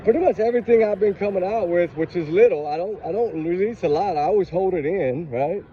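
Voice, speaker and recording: An angry, fired-up man rants straight to his viewers in a casual vlog, his voice sitting a little high. He is outdoors in a parking lot, with faint traffic and city noise behind him. The recording is dull and lo-fi. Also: fairly quick. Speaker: true crime channel host.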